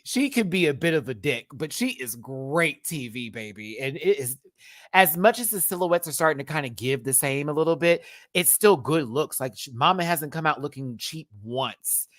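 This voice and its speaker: A man with a somewhat high, slightly bright voice chats directly to livestream viewers about a drag competition show. He's campy and sassy, full of slang and laughing often, and the clean studio sound carries no room echo.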